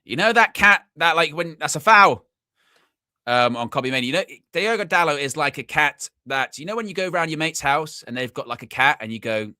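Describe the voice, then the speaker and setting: A young man hosting a live football watchalong, chatty and excitable, shouting when his team scores. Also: a little high, brisk, no room sound, clean studio sound. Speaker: fan watchalong host.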